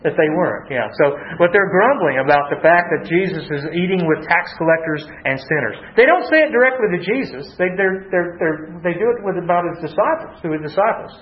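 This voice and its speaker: A man preaching a sermon, stumbling and repeating words as he talks, and slowing down to read scripture. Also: high voice, lively intonation. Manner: halting, repeats words, reads scripture slowly. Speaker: pastor. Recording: roomy, dull lo-fi sound.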